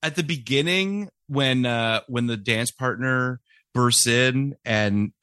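A man's voice: medium pitch, takes it slowly, sharp tone, clear, resonant tone, no echo. Dry-voiced man hosting a casual podcast. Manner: rambling, hesitant, laughs often. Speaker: podcast host. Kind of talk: casual chat.

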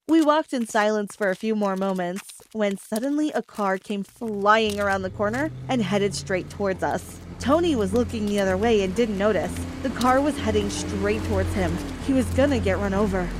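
A young woman tells a first-person school story in a steady, mid-pitched voice. A faint hiss sits under the recording. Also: normal speed, hardly any pauses. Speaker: narrator.

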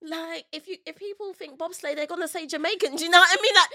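A woman co-hosting a podcast in casual chat, emphatic and quick to jump in. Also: extremely high pitch, sharp tone, dry recording. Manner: chatty, emphatic, jumps in. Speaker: podcast co-host.

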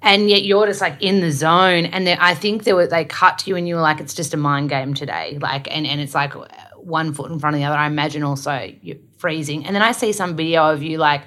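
Low-pitched lady podcast host, gushing and rambly, tons of likes. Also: fairly even intonation, a little fast, hardly any pauses, a bit bright. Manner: effusive, rambling with many likes. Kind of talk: casual interview chat.

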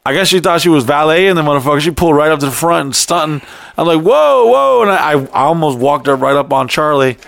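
A young man on a podcast telling a long, profane story in a loose, animated way. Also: fairly high pitch, fast, creaky, dry recording. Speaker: podcast co-host. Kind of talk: casual storytelling chat.

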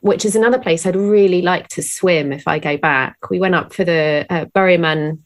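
A woman hosting a casual chat, asking questions with quick enthusiasm and laughing along. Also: fairly low pitch. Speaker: host.

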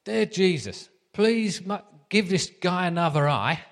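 A man doing a cheeky, excitable Essex lad, pitched well above his usual voice and chuckling through the words. The lines ring out loud, trailing into a long church-hall reverb. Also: unhurried. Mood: cheeky, amused.

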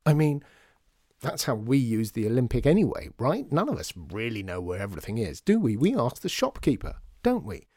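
A man's voice: medium pitch, huge pitch swings, brisk, a little mellow, no echo, studio quality. A man doing John, an eager thinking man.

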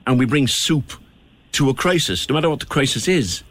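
A man's voice: mid-range voice, animated, a little fast, fairly bright tone. Cork guy hosting a phone-in, playful and chatty, voice jumping all over. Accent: Irish, Cork. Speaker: radio phone-in host. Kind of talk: casual radio chat. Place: radio studio.

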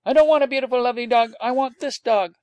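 A man's voice: fast, a little mellow, no room sound. A man doing a stubborn little rich boy. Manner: insistent, high and pleading.

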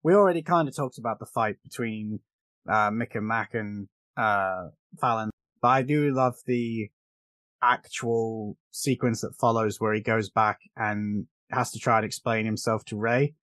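A man from England in a casual film podcast, enthusiastic and quick to laugh. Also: on the low side, a bit bright, dry recording, studio quality. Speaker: podcast co-host.

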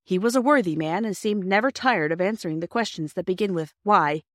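A woman narrating a classic children's storybook in a measured, clear reading. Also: mid-range voice, animated, no echo, clean studio sound. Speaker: audiobook narrator.

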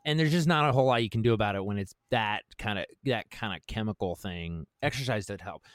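A man's voice: fairly low pitch, quick pace, dry recording, clean studio sound. A man in casual chat who rambles earnestly and reads a pep-talk manifesto with growing fervor. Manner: earnest, rambling, gets fired up when reading. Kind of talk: casual chat, reading a personal manifesto aloud.

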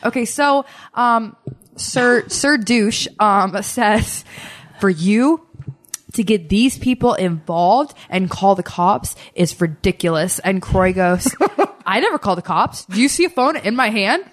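A woman chatting casually with friends in a mid-pitched voice. She playfully recounts who said what. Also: expressive, slow. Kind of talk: casual chat.

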